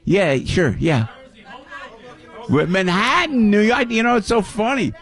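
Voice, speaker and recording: A man's voice: high-pitched, sing-song, a little slow, a bit bright. An older man hosting a live radio show from a venue, boisterously working the crowd and greeting audience members. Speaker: radio host.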